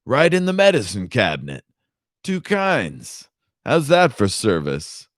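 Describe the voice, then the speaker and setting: A man's voice: medium pitch, wildly swooping pitch, measured pace, no echo, clean studio sound. A man reading aloud, voicing a crude, swaggering male official who boasts and leers. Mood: leering. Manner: brash, leering, boastful. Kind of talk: audiobook reading with character voices.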